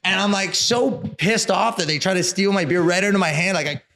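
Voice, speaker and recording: A man telling a story as a brewery co-founder guest on a podcast, animated and rambling, filling his speech with "like". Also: sits high, a little fast, creaky. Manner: animated, rambling, frequent "like" fillers. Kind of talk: casual storytelling.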